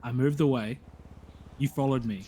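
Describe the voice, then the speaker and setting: A man playing a roleplay character who insists he did nothing wrong while trying to calm an angry man, calling him "bro". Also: mid-range voice, moderate pace, slightly rough. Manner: placating, insistent, calls others "bro". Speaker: roleplay character accused of provoking a fight.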